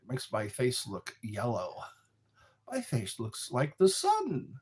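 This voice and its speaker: A man hosting a rambling live stream, chatting slowly with viewers from a dark room lit by a candle. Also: medium pitch, wildly swooping pitch, slight background noise. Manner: slow, meandering, talks to viewers. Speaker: livestream host.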